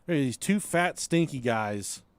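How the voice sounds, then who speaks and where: A man casually telling a story on a podcast, animated and profane, often laughing as he talks. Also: mid-range voice, a little slow, clear, resonant tone, dry recording. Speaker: podcast host.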